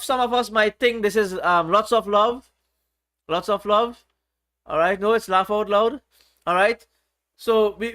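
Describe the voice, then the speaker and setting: A man's voice: high voice, fairly bright tone. A man hosting a casual livestream, reading viewers' chat aloud in a playful, teasing way. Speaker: livestream host.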